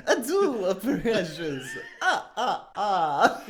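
A shrill, creepy creature hissing in a put-on Russian accent, as a man goofs around with the voice. The voice jumps high and loud, strained and wobbly with barely held-back laughter. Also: wildly swooping pitch, takes it slowly, exaggerated voice. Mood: giddy.

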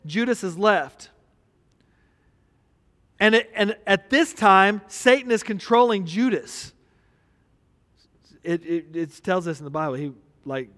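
High-voiced male pastor, reverberant hall. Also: a bit bright. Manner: conversational preaching, laughs at own stories. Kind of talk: sermon.

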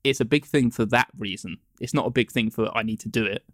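A man's voice: medium pitch, quick pace, no room sound, studio quality. A man in casual chat, mostly giving short reactions and teasing follow-up questions.

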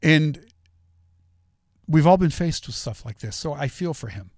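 A man's voice: fairly high pitch, animated, measured pace, darkish tone, dry recording, clean studio sound. A middle-aged man hosting a solo political commentary show, talking in an opinionated, conversational way and telling stories.

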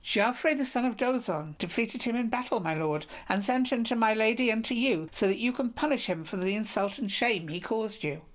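A wounded knight recounting his torments in a storybook, formal and solemn, voiced by a woman reader close to her own voice. His courtly speech is measured and grave. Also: on the high side, expressive, lightly acted. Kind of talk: audiobook reading of a medieval romance.

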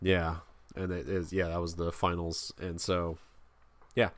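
Low-voiced rambling podcast host, man. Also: level tone. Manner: rambling, halting, many restarts. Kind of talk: casual wrestling podcast chat.

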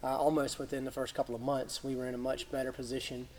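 Measured businesslike man, gym co-owner. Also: mid-range voice, little pitch movement, darkish tone, a little hiss or hum. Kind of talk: casual podcast interview.

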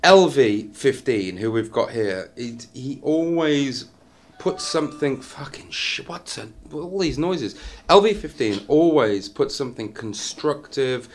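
A man's voice: mid-range voice, lively intonation, a little slow. Rambling, stammering male host. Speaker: host of a casual fan-forum interview. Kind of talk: casual banter.

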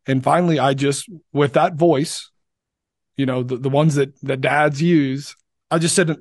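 Dad cohosting a podcast, candid and kinda searching, dry close sound. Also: male voice, medium pitch, steady tone, measured pace, no room sound. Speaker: podcast co-host and father. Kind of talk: casual podcast discussion.

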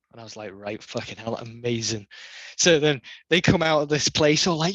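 Man, middle-aged, casual storytelling, animated, swears a lot, dry sound. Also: mid-range voice, moderate pace, no room sound. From Liverpool, England. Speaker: podcast guest, skate photographer.

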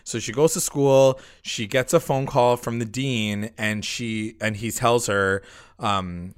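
A man in easy, casual chat, recapping a show for his co-host. His voice sits at an ordinary middle pitch. He keeps breaking into mocking little voices for the characters he quotes. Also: takes it slowly, clear, resonant tone. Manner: animated, acts out quoted lines in mocking voices. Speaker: podcast co-host recapping a TV episode.

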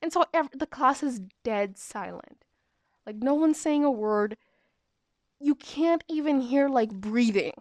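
A woman's voice: sits high, animated, measured pace, darkish tone, dry recording. A young woman in her twenties telling a school story in casual chat, with lots of filler words and restarts. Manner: chatty, full of "like" fillers and restarts.

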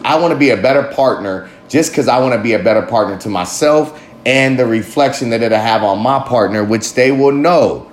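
A man's voice: medium pitch, lively intonation, brisk, hardly any pauses. A man talking candidly to camera in a rambling, self-reflective monologue, swearing freely and often laughing at himself. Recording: roomy echo with faint ambience.

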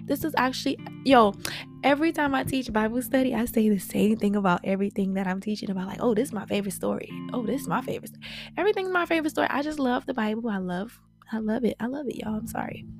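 A woman's voice: fairly high pitch, fairly quick, creaky, faint music behind. A young woman teaching Bible study in a casual, passionate, slangy way, reading scripture and talking it through. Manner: passionate, slangy, animated preaching.

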